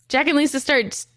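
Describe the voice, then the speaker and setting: A woman's voice: high-pitched, a bit bright, dry recording, studio quality. Chatty, profane woman podcast host. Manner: chatty, profane and self-mocking. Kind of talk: casual recap of a TV episode.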